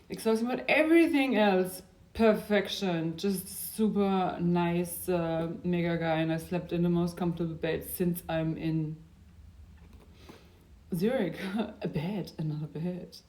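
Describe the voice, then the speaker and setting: A young adult woman talking in a casual, rambling video diary. Her loudness drifts from sudden bursts down to near-whispers. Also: lowish voice, takes it slowly. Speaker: diary vlogger.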